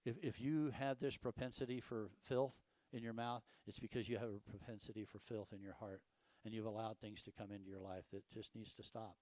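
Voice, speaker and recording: A man's voice: lowish voice, steady tone, brisk, a little mellow, no echo. An older man, preaching a casual, folksy sermon full of rhetorical questions and stories. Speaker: pastor.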